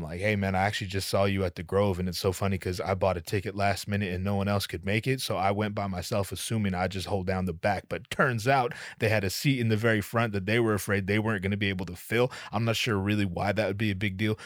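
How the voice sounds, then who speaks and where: A young man hosting a podcast, telling a casual, profane, self-mocking story, his voice jumping up in pitch for his own quoted reactions. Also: fairly even intonation, fast talker, hardly any pauses, no echo, clean studio sound. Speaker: podcast host.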